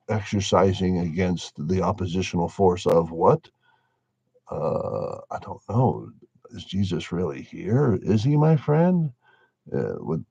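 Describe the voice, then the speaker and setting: A man's voice: low voice, creaky, mellow, husky, no echo. A man giving a casual spoken monologue on faith, musing wryly and laughing at his own points. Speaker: religious commentator. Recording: dull lo-fi dry recording.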